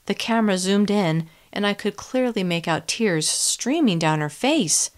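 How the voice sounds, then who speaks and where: A woman narrates a first-person audiobook with expressive, tense storytelling. Her voice sits in the mid-range and she takes her time.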